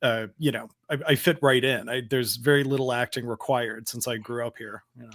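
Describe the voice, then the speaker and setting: A man chatting on a podcast with a medium-pitched voice. He talks in a thoughtful, measured way, pausing on fillers as he works through an idea. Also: steady tone, fairly bright tone, no echo, studio quality. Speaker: podcast co-host. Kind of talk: casual chat.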